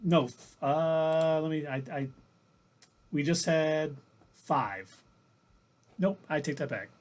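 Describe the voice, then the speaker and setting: A man's voice: a little high, slow pace. A man co-hosting a livestream, casually recapping TV episodes in a rambling, self-correcting way. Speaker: livestream co-host.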